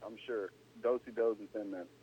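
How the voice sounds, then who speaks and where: A man's voice: fairly low pitch, normal speed, slightly rough, no room sound. A man, a former pro ballplayer, telling a story in a laid-back, slangy way as an interview guest, rising to disbelief at times. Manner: laid-back, slangy, animated when incredulous. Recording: tinny phone-like sound.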